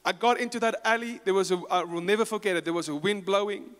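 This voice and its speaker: A man with a South African accent preaching a sermon as pastor, moving between loud, rising declarations and quiet storytelling. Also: sits high, quick pace, clear, resonant tone, long reverb tail. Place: church sanctuary.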